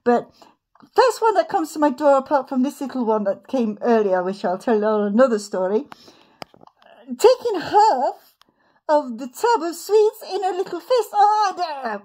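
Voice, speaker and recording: Woman, middle-aged, casual vlog talk, rambling, animated retold dialogue, fairly high voice. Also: measured pace. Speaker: vlogger. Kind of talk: casual chat to camera.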